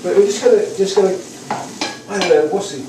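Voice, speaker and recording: A British man hosts a casual cooking demonstration in his home kitchen, rambling and chatty with plenty of restarts. His voice is high-pitched and warm, and he talks fairly quickly. The kitchen sounds echoey, with faint background noise.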